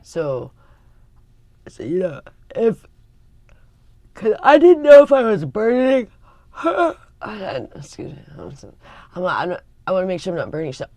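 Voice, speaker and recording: A woman vlogger talks in a loose, rambling way, full of fillers and restarts. Her voice has a gravelly edge and a lively, wandering pitch, and she sometimes sinks to a near whisper. The sound is dry and close. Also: a little slow, pauses often, no room sound. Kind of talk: casual morning chat.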